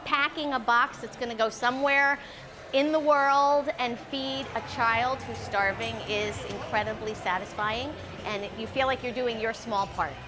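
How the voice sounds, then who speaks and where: A woman volunteer speaking slowly and earnestly in an interview. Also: on the high side, noisy background. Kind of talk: interview soundbite.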